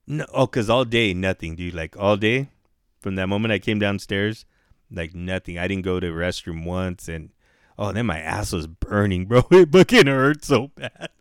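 A man's voice: low voice, moderate pace, smooth, no echo, clean studio sound. A man telling a story in a laid-back, rambling podcast chat, swearing freely. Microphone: headphones and studio mic.

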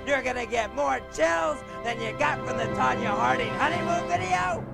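A man's voice: very high voice, moderate pace, creaky, over loud music, exaggerated voice. A man putting on a brash, boastful male pro wrestler who hypes a tape with bellowing, flamboyant patter. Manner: flamboyant, bellowing huckster patter with whooping cries.

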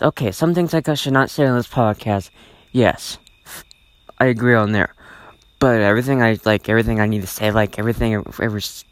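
A man's voice: medium pitch, no room sound. A man hosting a solo podcast, ranting in a rambling, repetitive way and swearing often. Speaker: podcast host.

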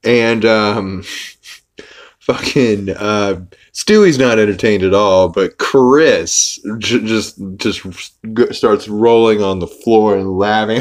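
Deep-voiced man rambling through a recap. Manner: rambling, with fillers and quick put-on voices for quotes. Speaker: podcast host. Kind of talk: casual episode recap.

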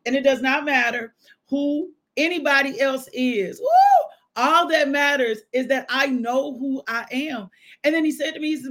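A woman hosting a devotional podcast, preaching with exuberant shouts, whoops and call-and-response. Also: sits high, normal speed.

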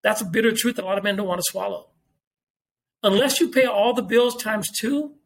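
A man's voice: very high voice, slight background noise. A man, talking as a podcast guest in casual chat, emphatic, repeating himself and swearing freely.

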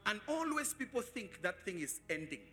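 A man preaching a sermon as pastor, asking the congregation questions and swelling into sung shouts. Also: high voice, sing-song, moderate pace. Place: church service.

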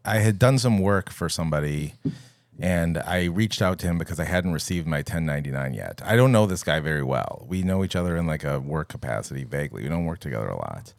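A man telling a story in casual podcast chat, animated and laughing as he goes. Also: a bass voice, a little fast, creaky, dry recording. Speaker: podcast producer.

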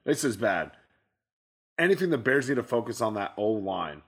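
A man's voice: lowish voice, very animated, moderate pace. Blunt man rattling off football stats. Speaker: sports show co-host. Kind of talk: casual football recap commentary.

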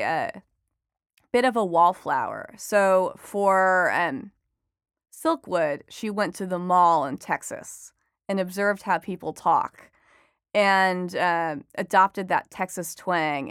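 A woman's voice: on the low side, animated, slow pace, smooth, no room sound, clean studio sound. A woman who is an entertainment reporter and author, chatting as an interview guest, telling stories with animation and frequent laughter. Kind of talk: conversational interview.

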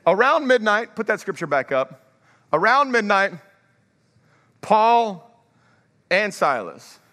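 A male pastor giving an energetic sermon in a large church, drawing the congregation to answer back. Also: high voice, takes it slowly, long reverb tail. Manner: energetic, calls for congregation response.

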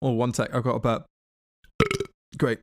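A young British man co-hosting a casual gaming podcast, excitable and cheeky, laughing often. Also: mid-range voice, measured pace, no echo, clean studio sound. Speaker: podcast co-host.

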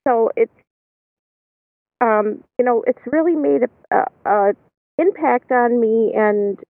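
A woman's voice: on the high side, slow pace, no echo. A woman guest on a podcast, talking hesitantly with many ums over a phone line. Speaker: guest caller. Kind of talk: casual interview chat. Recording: tinny dry phone line.

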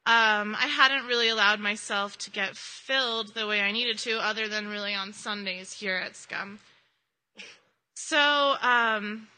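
A woman's voice: fairly high pitch, sharp tone. A woman giving a personal testimony at a church service, talking earnestly and conversationally with frequent ums. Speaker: church member giving a mission-trip testimony. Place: church hall. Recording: reverberant hall sound.

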